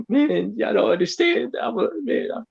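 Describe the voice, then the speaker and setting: A man co-hosting a casual group chat who talks excitedly, laughs often and fills his speech with 'like' and 'dude'. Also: very high voice, gravelly, husky, no room sound. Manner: excitable, laughs often, uses lots of fillers. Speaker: co-host. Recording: dull dry call audio.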